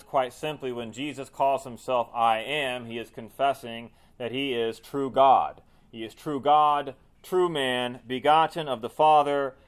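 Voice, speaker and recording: Male pastor, sermon delivery, mid-pitched, dynamic between emphatic peaks and quiet asides. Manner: preaching with swelling emphasis and quiet drops.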